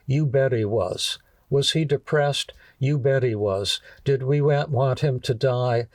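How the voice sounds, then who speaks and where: A man's voice: mid-range voice, vocal fry, a little mellow, no echo, recorded from a distance. An older man, a psychiatrist, tells a story about a patient, stumbling and repeating words as he speaks. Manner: halting, repeats words often. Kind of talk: storytelling talk.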